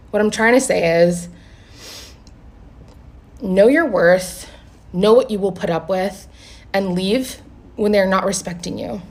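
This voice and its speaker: A young vlogger tells a dating story straight to camera, casual and lively, swearing freely. Animated and profane, she acts out both sides of the conversation, voicing what each person said, in an ordinary middle-pitched voice.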